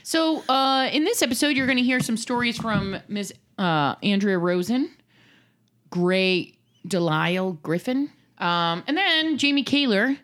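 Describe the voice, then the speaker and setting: A woman hosting a podcast who introduces the episode in a relaxed, halting way with fillers and light laughs. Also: fairly high pitch. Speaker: podcast host.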